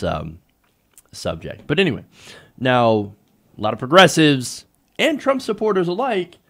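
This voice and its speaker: A male host giving casual, sarcastic live political commentary, full of fillers and chuckles. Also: on the low side.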